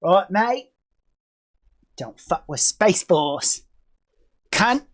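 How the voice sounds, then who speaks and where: A woman's voice: fairly low pitch, very animated, very slow, exaggerated voice. A woman putting on a brash swearing Australian patriot. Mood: taunting. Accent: put-on Australian. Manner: loud, taunting, crude, mock-aggressive. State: stuffed up with a cold.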